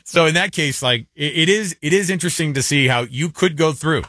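A married man co-hosting a casual chat show, talking quickly in a joking way with lots of fillers. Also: a little high, animated, sharp tone, no room sound, clean studio sound. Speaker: co-host.

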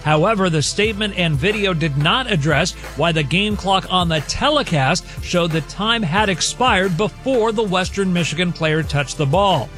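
A man reading a brisk sports news update on the radio. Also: sits high, faint music behind. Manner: brisk, even newsreading.

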